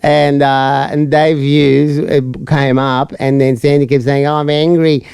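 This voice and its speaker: A man co-hosting a casual talk show, spinning a long story and jumping up in pitch to act out each quote. His voice sits in a middle register and is recorded dry and close. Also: monotone, slow, gravelly, darkish tone, clear, resonant tone, no room sound. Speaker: podcast co-host. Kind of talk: casual chat.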